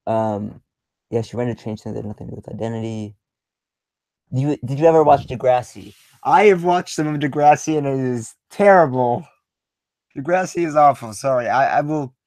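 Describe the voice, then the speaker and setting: Reading viewers' questions out loud on his casual livestream, a young man gives rambling, profane, blunt answers packed with filler like "um." He speaks in a somewhat mellow mid-range voice, recorded without echo.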